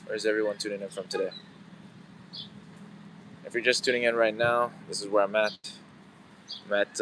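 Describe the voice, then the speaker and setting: A livestream host in his thirties chats loosely with viewers outside before going to work, rambling and filling gaps with filler words. He has a lowish, sharp-toned voice, and the audio is poor with a bit of background noise.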